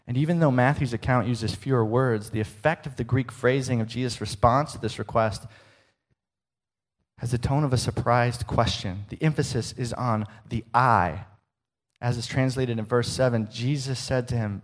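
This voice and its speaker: A man preaching a sermon, slowing for emphasis and dropping to a hush at the ends of lines. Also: mid-range voice. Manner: expressive, slows for emphasis and drops to a hush at line ends.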